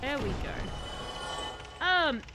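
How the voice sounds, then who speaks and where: A woman streaming a game live, chatting casually, reading chat aloud and breaking into excited outbursts. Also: sits high, slow pace, over loud music.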